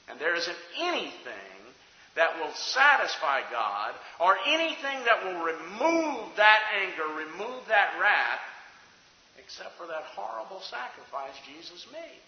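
A man preaching a sermon to his congregation, his delivery swinging between loud emphatic peaks and hushed low passages. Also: very animated, measured pace, slight background noise. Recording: echoey hall, dull sound.

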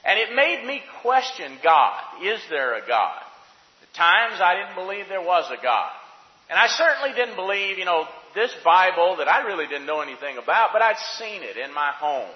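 A man preaching a sermon in a church hall, earnest and reflective, dropping from loud emphasis to quiet asides. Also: high-pitched, very animated, normal speed. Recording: roomy hall with long reverb, dull lo-fi sound.

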